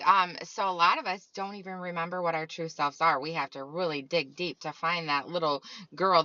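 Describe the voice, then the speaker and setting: A woman's voice: on the low side, bright, forceful tone, dry recording, dull audio. A woman host in a casual spiritual monologue, talking in a rambling, meandering way full of fillers. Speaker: channel host.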